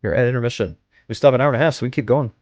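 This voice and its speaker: A man's voice: mid-range voice, rapid-fire, a little mellow, no room sound. Chatty man streaming live, dry close mic. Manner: chatty, reads aloud, talks to chat.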